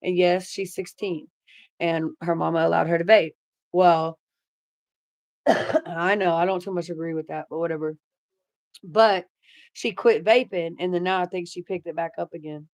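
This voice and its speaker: A woman's voice: lowish voice, steady tone, moderate pace, pauses often, darkish tone, no room sound. Middle-aged woman chatting on her live stream, cusses a lot, super casual, dry close sound. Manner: blunt, swears freely, chatty. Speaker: livestream host reading chat. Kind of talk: casual livestream chat.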